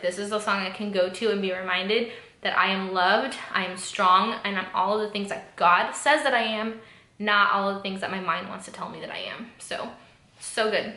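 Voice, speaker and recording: Earnest young woman vlogger, bright voice. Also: medium pitch. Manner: earnest, emotional, many fillers like "like" and "just". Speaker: YouTube vlogger. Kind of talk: casual talk to camera. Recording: echoey room, faint background noise.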